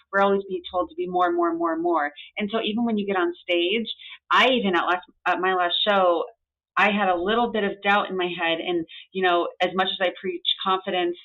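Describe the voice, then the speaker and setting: A woman's voice: medium pitch, highs cut off. A woman hosting an interview, affirming her guest and reflecting in an encouraging way. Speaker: podcast host. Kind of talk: casual interview chat.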